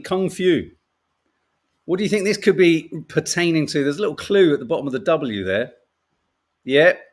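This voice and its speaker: A middle-aged British man hosting a podcast, chatting wryly through newspaper stories with casual swearing and laughter. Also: a little high. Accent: British English. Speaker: podcast host reading the papers. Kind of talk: casual chat.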